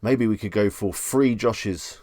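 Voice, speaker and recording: A man's voice: lowish voice, unhurried, darkish tone, no echo. A man hosting a live stream in a casual, chatty way, reading questions aloud and musing on each one. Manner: chatty, reads questions aloud and muses on them.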